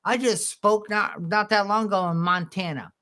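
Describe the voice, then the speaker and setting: A man's voice: high-pitched, moderate pace. Self-mocking storytelling man podcast host. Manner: lively, self-mocking storyteller who clears his throat. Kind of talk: candid podcast conversation.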